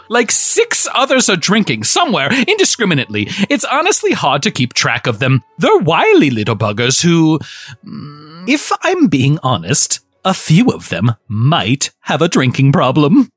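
A performer voicing a boastful, drunk old gnome headmaster in a comedic audio drama, swaggering between sly mutters and loud outbursts. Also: medium pitch, slightly rough, dry recording, heavily acted.

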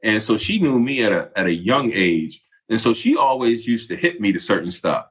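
Low-voiced man telling a story. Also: normal speed. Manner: relaxed, candid storyteller, acts out quoted voices. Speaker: guest, former basketball player. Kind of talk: casual storytelling chat.

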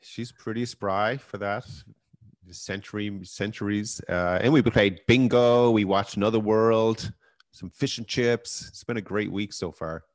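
A man trades dry jokes as a podcast guest. His voice sits fairly low, and the sound is dry and close. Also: steady tone, unhurried, no room sound. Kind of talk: casual podcast chat.

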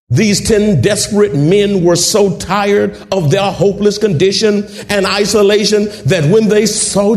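A male pastor, preaching a sermon that swells into shouts and drawn-out emphasis. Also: high-pitched. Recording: echoey room.

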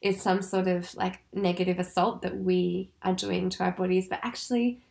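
Woman, podcast co-host, gravelly, frank, swears, laughs a lot. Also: fairly low pitch, flat delivery, normal speed, darkish tone. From Australia. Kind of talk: casual chat.

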